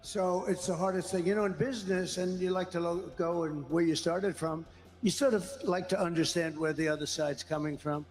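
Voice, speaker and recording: A man's voice: high voice, steady tone, normal speed, faint music behind. A man as an interview guest, speaking about politics in an emphatic, repetitive, rambling way. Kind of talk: interview conversation.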